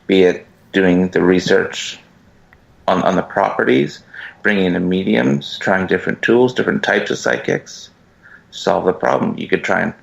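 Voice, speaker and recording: A man from Canada, a paranormal investigator, talking in a laid-back, halting way on a radio show. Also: sits low, vocal fry, highs cut off. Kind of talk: radio talk interview.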